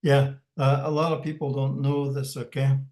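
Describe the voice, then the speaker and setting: A man teaching a language class slowly and patiently, pausing often and repeating words as he explains them. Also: medium pitch, level tone, darkish tone. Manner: hesitant, many pauses and fillers, repeats words. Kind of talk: slow, patient language lesson. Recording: roomy echo.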